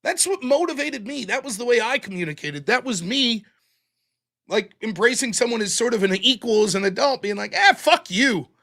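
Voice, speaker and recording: A man's voice: very high-pitched, animated, a little fast, fairly bright tone. A man hosting a livestream commentary show, talking bluntly and swearing freely. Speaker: host.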